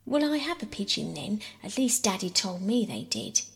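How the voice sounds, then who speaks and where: A woman reading aloud, voicing a bossy, quarrelsome young girl in an insistent, high voice. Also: big pitch swings, moderate pace, vocal fry. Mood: indignant.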